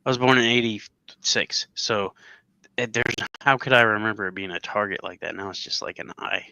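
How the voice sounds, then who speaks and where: A man in his thirties chatting casually as a co-host and reacting to clips, laid-back and quick to laugh. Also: on the low side, steady tone, gravelly, sharp tone, highs cut off, slight background noise. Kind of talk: casual chat.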